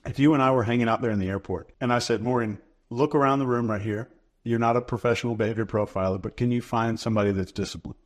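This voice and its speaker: A man, a guest in an interview, explaining ideas in a measured, instructive way and repeating key phrases for emphasis. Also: medium pitch, steady tone. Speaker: behavior expert guest.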